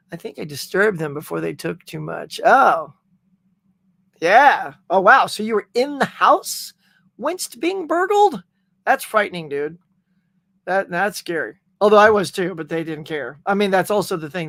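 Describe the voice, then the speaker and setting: Animated middle-aged man telling stories. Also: high voice, vocal fry, dry recording. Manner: animated storytelling, acting out quotes. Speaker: livestream host. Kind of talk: casual chat, reading viewer comments.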